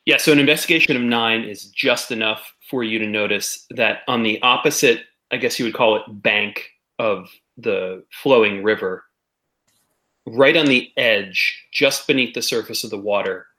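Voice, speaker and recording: Bright-voiced male game master. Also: on the low side, moderate pace. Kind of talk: narrating a tabletop game.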